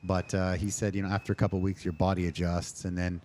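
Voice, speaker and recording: Deep-voiced chatty male storyteller. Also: little pitch movement, quick pace, darkish tone. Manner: chatty storyteller who acts out quoted speech; rambling, with many restarts and fillers. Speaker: restaurant owner and podcast guest. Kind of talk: casual interview chat.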